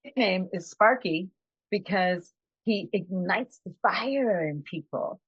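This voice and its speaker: A woman's voice: mid-range voice, slow pace, husky, no echo, muffled recording. A woman giving a conversational, reflective motivational talk as a trainer. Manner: conversational, reflective, acts out quotes.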